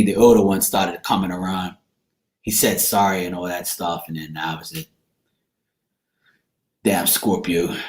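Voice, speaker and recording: A man chatting casually to camera, rambling and blunt, with casual swearing. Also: sits low. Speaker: tarot reader. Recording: echoey room.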